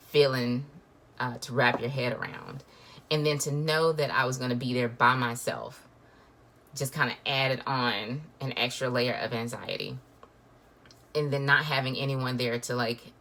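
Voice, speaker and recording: A woman's voice: extremely low pitch, fairly bright tone. A woman, telling a personal story in a chatty, emotional way full of fillers. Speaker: vlogger.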